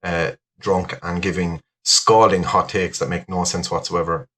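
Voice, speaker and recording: A man's voice: low voice, fairly even intonation, a little slow, fairly bright tone. A young Irish man chatting as a podcast guest, rambling with lots of fillers and laughs. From Ireland. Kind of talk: casual chat.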